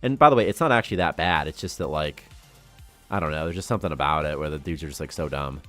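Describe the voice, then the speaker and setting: A man's voice: very deep voice, fast, fairly bright tone, faint music behind. A young man hosting a casual game development livestream, rambling and chatty and laughing often. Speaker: programmer and stream host.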